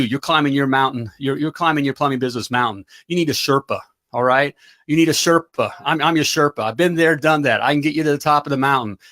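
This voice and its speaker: A middle-aged man hosting a live talk show, giving an energetic pep talk and checking in often with "all right?". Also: mid-range voice. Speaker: talk show host and plumbing business coach.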